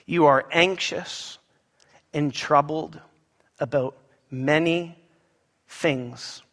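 Man doing a calm firm teacher, slow measured rebuke, echoey hall. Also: on the high side, exaggerated voice. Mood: gently stern.

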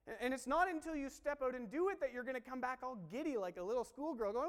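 Male preacher, high animated voice that acts out dialogue, long hall reverb. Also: quick pace, clear, resonant tone. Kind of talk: sermon.

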